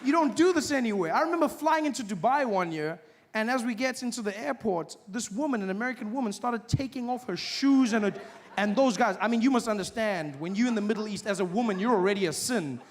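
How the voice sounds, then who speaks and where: This man delivers a fast stand-up routine in a high voice to a live crowd. He's animated and mocking, playing out small scenes on stage.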